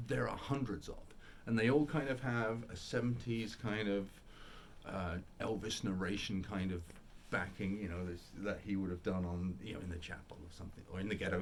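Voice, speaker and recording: A man's voice: on the low side, a little hiss or hum. A man hosting a casual monologue about old records, rambling and enthusiastic, often interrupting himself. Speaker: record collector host.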